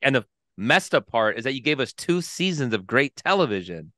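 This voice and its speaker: A man's voice: medium pitch, big pitch swings, fairly quick, pushed and bright, no echo, studio quality. A man co-hosting a podcast, giving emphatic opinions in casual chat. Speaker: podcast co-host.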